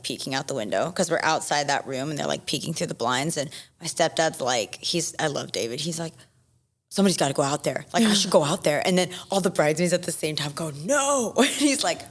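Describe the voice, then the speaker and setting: Young woman, lowish voice, animated casual storyteller who acts out the quotes. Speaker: podcast guest.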